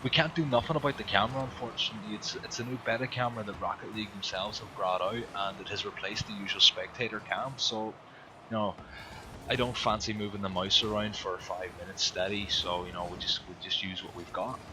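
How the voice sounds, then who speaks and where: Casual Irish co-caster, low voice, chatty, audible noise behind. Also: male voice, steady tone, brisk. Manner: chatty, says "you know" and "mate". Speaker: esports commentator. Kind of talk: casual game commentary.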